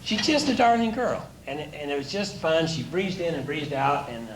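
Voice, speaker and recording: A man's voice: a little high, lively intonation, moderate pace. Folksy male storyteller in a roomy space. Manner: folksy, chuckling while telling stories. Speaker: motivational speaker and coach. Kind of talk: anecdotal storytelling talk. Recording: roomy echo with faint hiss.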